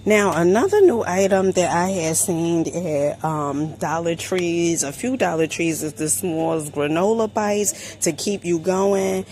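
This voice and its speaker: A woman from New Jersey chatting through a store haul vlog, sassy and quick with asides, calling viewers honey. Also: fairly low pitch, a little mellow. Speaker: shopping haul vlogger. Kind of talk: casual product review vlog. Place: inside a store.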